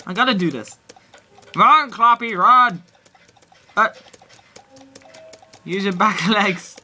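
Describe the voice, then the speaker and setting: A woman's voice: medium pitch, slow, pushed and bright, soft background music. A woman giving casual gameplay commentary, giggling often, exclaiming and repeating words.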